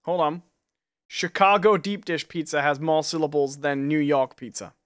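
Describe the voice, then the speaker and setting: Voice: medium pitch, fairly even intonation. Cohost on a goofy cooking stream, punny and teasing, chatty. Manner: playful, quick with puns and teasing questions. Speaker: cooking show co-host. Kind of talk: jokey live cooking stream chat.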